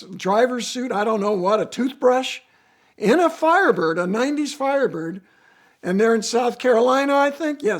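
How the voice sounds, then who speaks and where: A man, a racer, telling a casual car story in an animated, storytelling way. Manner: animated storytelling with swings in pitch and volume. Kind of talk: casual anecdote.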